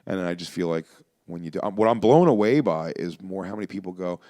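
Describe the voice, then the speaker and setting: A man with a very low, smooth and resonant voice, telling stories on a podcast in a rambling, animated way. The sound is dry and close, with no room around it. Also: fast, dry recording. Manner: rambling, animated storyteller with restarts. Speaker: comedian guest. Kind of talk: casual podcast chat.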